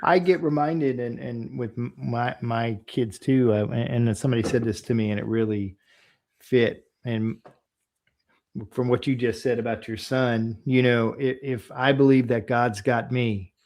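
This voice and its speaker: Relaxed male podcast host. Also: mid-range voice, a little slow. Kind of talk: casual interview chat.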